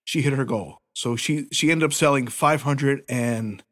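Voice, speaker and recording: A man's voice: medium pitch, measured pace, fairly bright tone. A middle-aged man co-hosting a podcast in casual chat, rambling, laughing and swearing a lot. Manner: profane, giggly, rambling. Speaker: podcast co-host.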